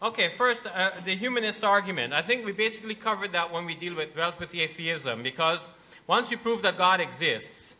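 A man lectures an audience in a hall, animated and rhetorical, building his case through questions. His voice sits high and sounds bright and forceful. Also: brisk. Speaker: Islamic lecturer.

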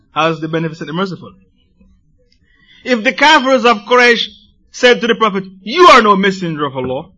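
A man preaching a sermon to a congregation in an animated way, firing rhetorical questions at his listeners. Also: high voice, dull audio.

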